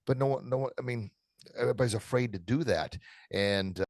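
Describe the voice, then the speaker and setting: A man, a martial arts instructor, speaking as a podcast guest in an emotional, halting way with many restarts. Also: mid-range voice, darkish tone, no echo, studio quality. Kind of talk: casual interview chat.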